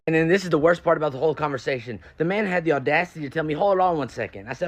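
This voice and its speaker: A man races through a comic story with dramatic, exasperated delivery. He talks fast and leans into every twist. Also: a little high.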